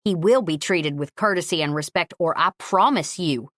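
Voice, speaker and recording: A woman's voice: fairly low pitch, moderate pace, dry recording, clean studio sound. A woman doing a feisty older lady. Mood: scolding. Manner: sharp, scolding, commanding.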